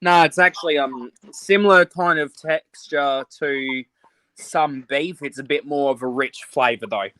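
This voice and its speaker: A woman's voice: low-pitched, measured pace, fairly bright tone. A woman with a mixed Australian and British accent, chatting easily and affectionately with friends. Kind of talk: casual chat among friends.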